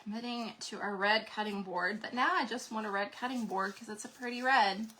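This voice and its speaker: A woman hosting a live craft stream, chatting casually to her viewers and thinking out loud as she paints. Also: mid-range voice, brisk, slight background noise. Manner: rambling, talks to viewers directly. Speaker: craft livestream host.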